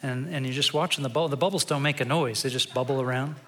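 A male pastor giving a sermon in a conversational, storytelling way, turning quiet and reflective at times. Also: mid-range voice, steady tone, fast talker.

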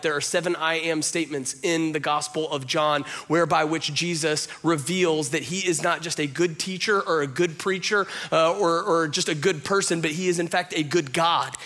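A man's voice: on the high side, moderate pace, pushed and bright. A man preaching a sermon, talking conversationally and with strong emphasis, often acting out quotes. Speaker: pastor.

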